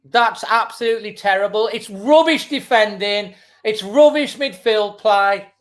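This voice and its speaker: A man's voice: high voice, measured pace, a bit bright. A man hosting a live football watchalong, giving frustrated running commentary with exasperated outbursts. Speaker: football fan channel host. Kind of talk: live match watchalong reaction.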